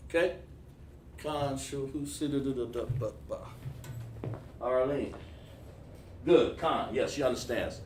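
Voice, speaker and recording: A man's voice: mid-range voice, unhurried, pauses often, distant mic, a little hiss or hum. Chatty man teaching from across an echoey room. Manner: loose and chatty, drawing on a board while talking to viewers. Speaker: Hebrew teacher on a livestream. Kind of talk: casual livestream lesson. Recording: echoey room, voice away from the mic.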